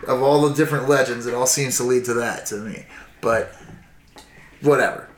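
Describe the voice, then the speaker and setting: A man's voice: medium pitch, moderate pace, a little hiss or hum. Tipsy, profane male storyteller; rambling casual chat in a roomy space. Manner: profane, rambling, acts out voices. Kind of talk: casual drunken history chat.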